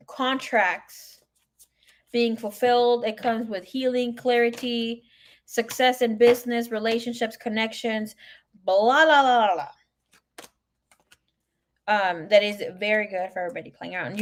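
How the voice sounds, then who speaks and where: A woman giving a casual live tarot reading, chatting and telling stories to viewers she calls by name. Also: on the high side. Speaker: tarot reader.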